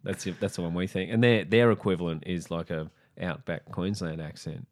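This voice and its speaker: Deep-voiced, wry Australian comedian. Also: male voice, steady tone, brisk. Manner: dry, wry storytelling with casual swearing. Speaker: podcast guest, comedian. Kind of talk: casual chat.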